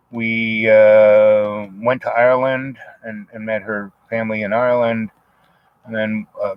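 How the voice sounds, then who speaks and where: A man's voice: medium pitch, dry recording, highs cut off. An older man streaming a rambling, casual monologue, full of fillers and asides.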